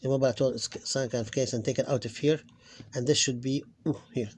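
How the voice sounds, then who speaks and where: A man's voice: medium pitch, steady tone, fast, darkish tone, a little hiss or hum. A man teaching Arabic phonics in an informal lesson, thinking aloud, correcting himself and stretching out the example words he models.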